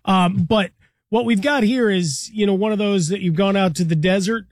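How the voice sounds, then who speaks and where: A man's voice: high voice, moderate pace, no room sound, studio quality. A man co-hosting a sports talk show, musing through his analysis with loose, folksy comparisons. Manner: relaxed, rambling, uses folksy analogies. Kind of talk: conversational sports radio analysis.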